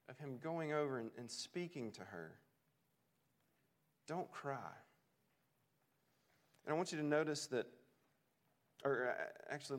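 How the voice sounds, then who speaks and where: A man's voice: mid-range voice, fairly bright tone. A man preaching a sermon in an earnest way, often repeating words as he restarts a thought. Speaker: pastor.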